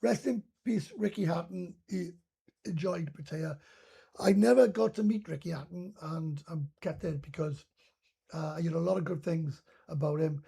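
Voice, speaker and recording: A man's voice: on the high side, normal speed, creaky, dark tone, husky. A Welsh man from Wales doing a casual live stream chat, rambling and ranting with heavy swearing.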